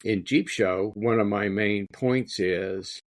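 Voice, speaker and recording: A man's voice: lowish voice, takes it slowly, no echo. A man, an author being interviewed, talking in a rambling way and often repeating his words. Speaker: guest author. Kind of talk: interview conversation.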